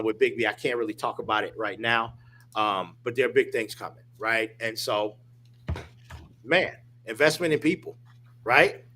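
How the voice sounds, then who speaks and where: A man's voice: medium pitch, slight background noise. A man, a podcast guest, telling a personal story in a casual, emphatic way over a video call. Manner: emphatic, animated, addresses listener as dude and man.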